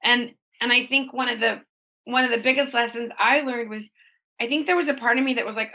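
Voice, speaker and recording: A woman's voice: on the high side, steady tone, fairly quick, bright, forceful tone, lo-fi sound. A woman talking candidly as an interview guest. She is open and reflective, and she acts out her own inner thoughts in livelier voices.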